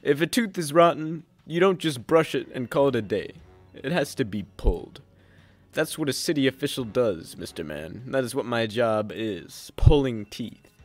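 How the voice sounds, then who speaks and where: A self-important villain mayor played by a man who talks in big, booming, theatrical speeches. He is pompous and grandiose, and he loves the sound of his own voice in this comedic audio drama. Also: animated, moderate pace, soft background music, natural voice. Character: pompous scheming male city mayor villain.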